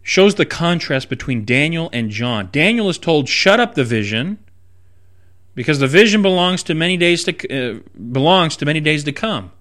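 A man's voice: a little high, animated, normal speed, a bit bright. A man who is a preaching minister, teaching the Bible on a radio broadcast with emphatic delivery and wry asides.

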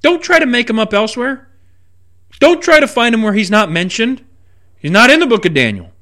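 A man's voice: very high voice, sing-song, a little fast, pushed and bright. Emphatic male preacher on radio. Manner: emphatic, wry asides. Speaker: preaching minister. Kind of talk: radio Bible teaching.

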